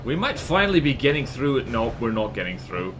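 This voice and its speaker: A man's voice: mid-range voice, very animated, fairly quick, background noise. A man streaming a game, chatting casually and thinking aloud while he plays. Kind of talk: casual gaming stream chat.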